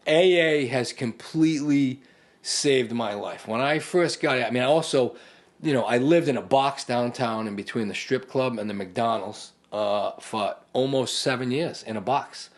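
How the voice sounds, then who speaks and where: A man's voice: medium pitch, moderate pace. A middle-aged man, a podcast guest, telling a long personal story in casual conversation and acting out what others said. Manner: animated storyteller who acts out other people's lines.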